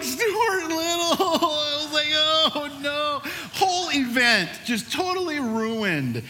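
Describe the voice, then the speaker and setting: Animated high-voiced male pastor. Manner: animated storyteller, shouts during the story's peaks. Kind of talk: sermon with personal story.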